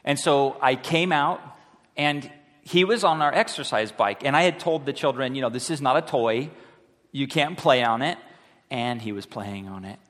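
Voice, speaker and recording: A man, a high school pastor, preaching a sermon as an animated story, acting out the voices of the people he quotes. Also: normal speed. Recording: long hall reverb.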